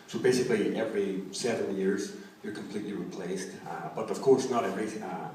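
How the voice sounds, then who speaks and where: A young man from Donegal with an Irish accent, performing a stand-up comedy set in a halting style full of fillers. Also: on the low side. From Ireland. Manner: halting delivery with many fillers, shouting acted quotes. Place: comedy club stage. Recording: echoey room, distant mic, noisy. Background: audience laughter.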